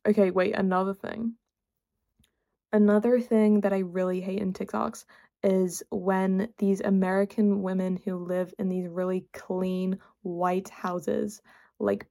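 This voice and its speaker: Rambling young woman with a gravelly edge. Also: medium pitch, a little mellow. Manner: rambling, exasperated, full of filler words. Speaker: podcast host. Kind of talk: casual solo chat.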